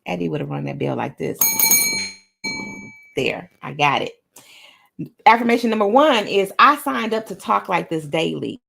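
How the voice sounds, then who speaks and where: Hosting a motivational talk show, this woman runs an affirmation session with emphatic delivery, saying each affirmation aloud again and slipping into playful sing-song moments. She is very animated, with a fairly low, creaky, slightly bright voice at normal speed and long pauses.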